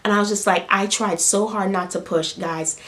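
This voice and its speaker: A woman's voice: mid-range voice, steady tone, normal speed, a bit bright. Emotional young woman telling her story. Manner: emotional, repeats words, many fillers. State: close to tears. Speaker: vlogger, new mother. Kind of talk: casual storytelling to camera.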